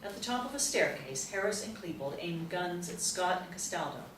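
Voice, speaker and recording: A woman narrates stage directions in a crisp, matter-of-fact way. Her voice is low for a woman. She is heard from a distance in a roomy space, with a faint hiss underneath. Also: lively intonation, moderate pace. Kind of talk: screenplay table read narration.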